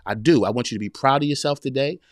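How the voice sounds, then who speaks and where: A man's voice: medium pitch, fast, no echo, clean studio sound. A man in his forties hosting a live-streamed motivational podcast, talking straight to his listeners in a casual, preachy way, repeating his points and calling them y'all and man. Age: 40s. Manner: preachy, direct address with repetition. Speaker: podcast host.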